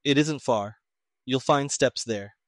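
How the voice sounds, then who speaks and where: A man voicing a calm, polite male detective who speaks in a measured, courteous, low-key way, in a dry recording. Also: dry recording, natural voice. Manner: measured, courteous, soft-spoken.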